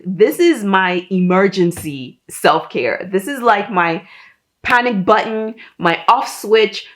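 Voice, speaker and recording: Woman, 30s, low voice; friendly fitness host, casual and instructive to camera. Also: a bit bright. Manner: chatty, self-deprecating, instructive.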